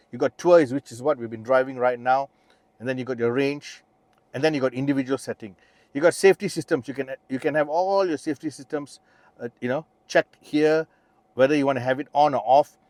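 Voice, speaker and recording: A man's voice: mid-range voice, darkish tone, dry recording. Middle-aged Malaysian English male, car reviewer, casual and upbeat, fillers and restarts, dry in-car sound. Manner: chatty, enthusiastic, with frequent fillers and restarts. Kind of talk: casual test-drive review. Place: inside a car.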